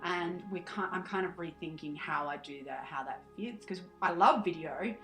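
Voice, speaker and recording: A woman's voice: fairly low pitch, moderate pace, reverberant, over music, poor audio. An Australian woman in her thirties, a podcast guest chatting animatedly, laughing often and acting out her past self. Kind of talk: casual interview chat.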